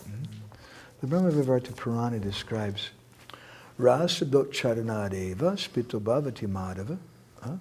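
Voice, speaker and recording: A man giving a spiritual lecture and answering questions, animated and joking, reciting verses. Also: medium pitch, moderate pace, slightly rough. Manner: animated, quotes verses, jokes and laughs. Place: temple hall.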